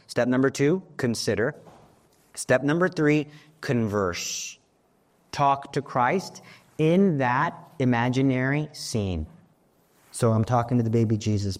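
A man preaching a sermon on prayer, earnest, building to emphatic peaks. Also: mid-range voice.

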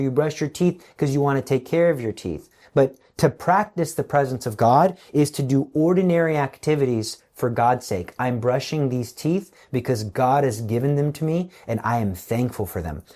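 A man's voice: mid-range voice, a little mellow. A man preaching a spiritual talk online, earnest and emphatic, acting out the voices he quotes.

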